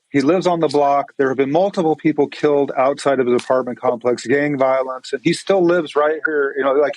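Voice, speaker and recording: A man's voice: on the high side, rough recording. A man, a pastor, tells an emotional story in a podcast interview with an earnest manner and many restarts.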